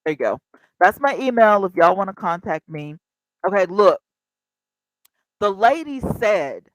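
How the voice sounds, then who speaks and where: A woman in her fifties hosting a casual livestream, chatty and animated, talking straight to her viewers. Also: medium pitch, unhurried, pauses often, no echo, low-quality recording. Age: 50s. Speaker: livestream host.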